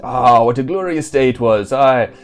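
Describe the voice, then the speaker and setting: A man voicing an aging, nostalgic guildmaster in a point-and-click game, with booming, drawn-out speech. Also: faint music behind, lightly acted.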